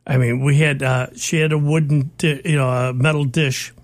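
A man's voice: mid-range voice, little pitch movement, normal speed. A man chatting casually as a co-host, telling folksy anecdotes. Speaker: podcast co-host. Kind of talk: casual chat.

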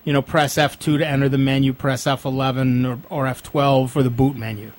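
A man's voice: medium pitch, flat delivery, a little fast. A man hosting a casual radio tech call-in show, explaining at length with frequent ums and asides.

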